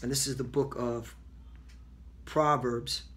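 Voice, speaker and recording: A man reading scripture verse by verse and breaking off into loud, confrontational commentary, ending his phrases with 'man' and 'all right?'. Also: mid-range voice, fairly even intonation, takes it slowly. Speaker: street preacher.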